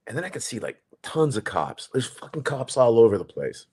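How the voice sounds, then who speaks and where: A man spins a street story in loose, profane podcast chat. His pitch swings widely as he acts out neighbors and cops, rising and dropping with each beat. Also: a little fast, slightly rough. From New York. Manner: animated storyteller, swears, acts out quoted people. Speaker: podcast co-host.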